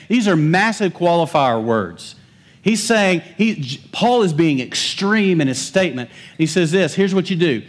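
A male pastor preaching a lively sermon, joking with the congregation and building emphasis. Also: fairly high pitch, moderate pace. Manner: animated, humorous preaching with rising emphasis.

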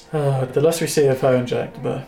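A man's voice: medium pitch, vocal fry, mellow, reverberant. A man co-hosting a casual rewatch podcast, blunt and wry in his comments. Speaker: podcast co-host.

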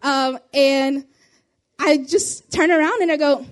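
Young woman youth leader telling a story from her faith life, high voice, chatty, fast, giggles here and there. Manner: chatty, quick, laughs between phrases. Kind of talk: casual spoken testimony.

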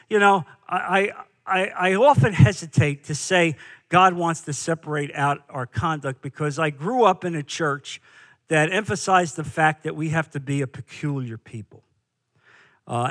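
A man's voice: high voice, pushed and bright. A man preaching a sermon as pastor, emphatic, with rhetorical questions and repeated phrases.

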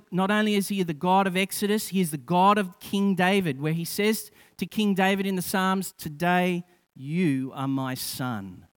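A man, probably, preaching a sermon, building to fervent peaks and dropping to soft, slow emphasis. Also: a little high. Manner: impassioned preaching with rising emphasis and soft, drawn-out scripture quotes. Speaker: pastor.

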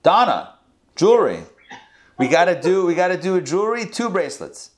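A man, a rabbi, teaching a Torah class and retelling the verses in a lively storytelling way. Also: sits high, brisk. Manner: animated storytelling, acts out the verses.

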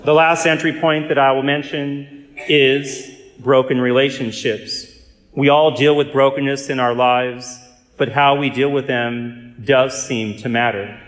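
A man, a Catholic priest and exorcist, giving an earnest, measured storytelling talk with touches of dry humor. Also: mid-range voice, fairly even intonation, fairly bright tone. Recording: echoey hall reverb.

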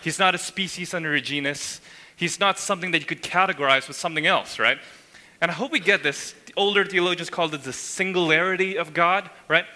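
A man's voice: fairly high pitch, a little fast, pushed and bright. A man preaching a sermon as pastor, emphatic and explanatory, often checking in with the congregation by asking "right?". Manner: emphatic, frequent tag questions, voices God's words. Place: church sanctuary. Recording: long hall reverb.

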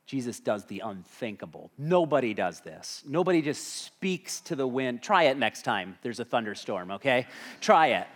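Male pastor, mid-pitched, animated delivery, chatty sermon style with questions to the room. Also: moderate pace. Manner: conversational, asks the congregation questions.

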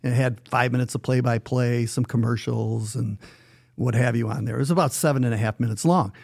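A man who works as a hockey radio announcer tells a story as a podcast guest. He is an animated storyteller who acts out the dialogue he quotes. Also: medium pitch, fairly quick, vocal fry.

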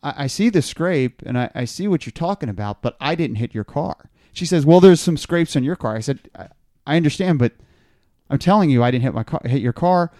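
A man's voice: a little high, animated, brisk, warm tone, no room sound, studio quality. A man podcast host telling a long story in casual chat, rambling and stammering as he repeats words.

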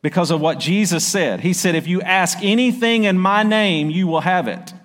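A man preaching a sermon as pastor. He reads scripture slowly and loudly, then drops into quick, quieter asides and calls out to the congregation. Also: high voice. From South Arkansas. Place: church sanctuary. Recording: long church-hall reverb.

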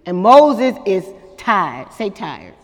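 A woman's voice: on the high side, expressive, slow pace, in a large hall. A woman pastor preaching a sermon at a church service, with dramatic call-and-response to the congregation.

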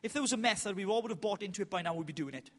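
High, bright-voiced preacher in a hall. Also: male voice. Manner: animated, self-mocking, loud bursts and slow emphatic lines. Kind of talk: conference sermon with storytelling. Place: large hall with an audience. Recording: reverberant hall.

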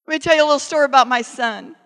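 A middle-aged woman preaching a sermon with impassioned fervor that builds to loud, urgent declarations. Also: sits high, racing. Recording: long reverb of a large hall.

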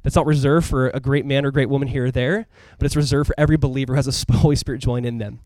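A man preaching a sermon as a pastor in a casual, conversational and animated way, full of asides to the congregation. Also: mid-range voice, rapid-fire, no room sound. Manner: animated, emphatic delivery.

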